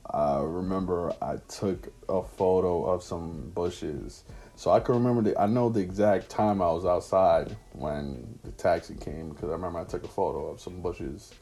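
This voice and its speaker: A man's voice: low-pitched, dark tone. A man casually telling a personal anecdote in slangy, profane street talk. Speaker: storyteller.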